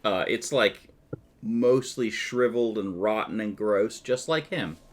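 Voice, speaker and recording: A man running a tabletop game as game master, chatty and loose in his narration and quick to laugh. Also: lowish voice.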